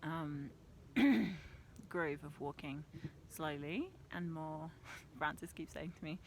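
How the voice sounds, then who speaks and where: A woman's voice: sits low, takes it slowly, a little hiss or hum. A young woman talking casually and reflectively outdoors on a mountain trail, laughing often at herself. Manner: chatty, laughs often, self-deprecating. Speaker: vlogger.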